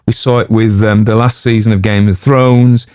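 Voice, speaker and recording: Low, dark-voiced rambling man. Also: steady tone, moderate pace, smooth, no room sound, studio quality. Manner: digressive, jokey asides, many fillers. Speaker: audiobook narrator introducing a story. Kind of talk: rambling casual chat.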